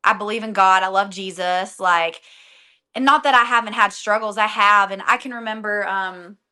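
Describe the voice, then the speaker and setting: Bright-voiced woman singer chatting. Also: medium pitch, normal speed, clean tone. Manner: animated, laughs often, trails off. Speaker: guest singer. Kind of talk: casual interview chat.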